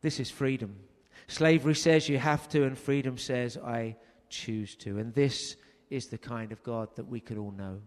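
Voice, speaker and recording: A man's voice: medium pitch, fairly even intonation, normal speed, few pauses. A man preaching a sermon, telling a story earnestly and raising his voice for emphasis. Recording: long hall reverb.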